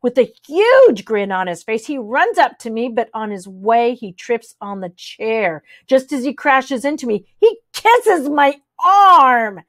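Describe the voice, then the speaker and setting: A woman reading a children's chapter book aloud, lively and switching voices for each character. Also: fairly high pitch, unhurried, hardly any pauses, no room sound. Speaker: audiobook reader.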